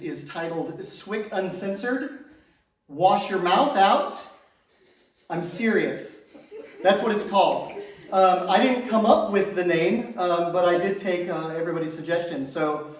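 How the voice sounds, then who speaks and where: A middle-aged man doing a stand-up comedy set on stage, chatty and self-mocking, often laughing at his own jokes. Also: sits high. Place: large room on stage. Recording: echoey room from far off.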